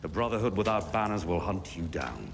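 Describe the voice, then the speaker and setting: An actor playing a stern outlaw leader who speaks in a measured way. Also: male voice, sits low, sing-song, gravelly, slight background noise, heavily acted. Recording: TV clip with long reverb.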